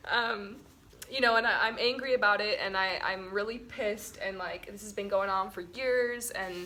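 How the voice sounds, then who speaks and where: A woman's voice: medium pitch, moderate pace, bright, forceful tone. Chatty laughing woman giving relationship advice. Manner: chatty, laughs often, many "like" and "um" fillers. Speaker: relationship webinar co-host. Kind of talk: casual advice talk with partner.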